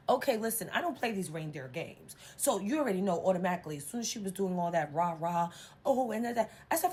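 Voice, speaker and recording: A young woman telling a story in a casual storytime vlog, animated and profane, acting out quotes. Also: fairly low pitch, moderate pace, breathy edge. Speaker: storytime vlogger. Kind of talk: casual storytime while eating.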